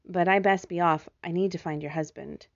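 A woman's voice: on the low side, fairly even intonation, fairly quick, vocal fry, lo-fi sound. A woman voicing a humble, polite male sparrow messenger with folksy country speech in a storybook. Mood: grave.

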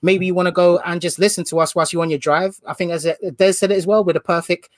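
A man hosting a casual podcast, energetic and slangy, joking as he runs through plugs. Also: high voice, quick pace, dry recording, clean studio sound. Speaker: podcast host.

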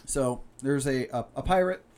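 A man's voice: mid-range voice, normal speed, a little mellow. A young man telling long-winded jokes in casual chat, laughing often and restarting lines as he goes. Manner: laughs a lot, rambling storyteller with restarts.

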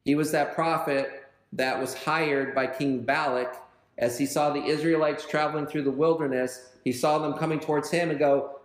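A man's voice: on the high side, fairly even intonation, normal speed, reverberant. A male pastor teaching a verse-by-verse sermon in a conversational way, retelling scripture in everyday words.

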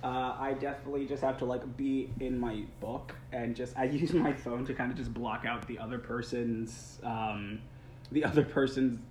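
A young stage actor chats earnestly in a casual interview, rambling a little with restarts and small laughs. His voice is medium-pitched, steady and slightly mellow, at a moderate pace. The recording sounds roomy, with faint background noise.

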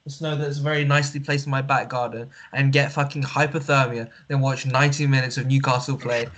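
A man's voice: medium pitch, fairly even intonation, a little fast, a bit bright. A young man on a football podcast panel, ranting sarcastically and swearing. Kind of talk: casual football chat.

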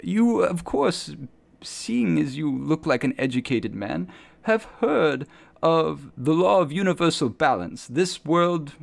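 A man's voice: fairly high pitch, creaky, voice pushed up. A man voicing a zealous male street preacher in white robes who lectures eagerly on his creed. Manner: eager, lecturing, grandly sermonizing.

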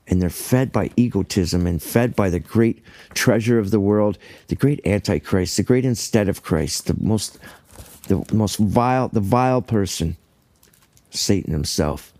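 A man's voice: fairly low pitch, unhurried, darkish tone, no echo. Earnest man teaching from the Bible. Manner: earnest, enthusiastic, reads scripture aloud then explains. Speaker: preacher.

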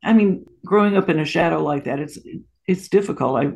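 A woman in her sixties recounting family memories in an interview. Her voice has a gravelly fry, and she tells stories with lots of asides and small laughs. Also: deep voice, fairly quick. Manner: warm anecdotal storytelling with frequent laughs and asides. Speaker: guest. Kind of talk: storytelling interview.

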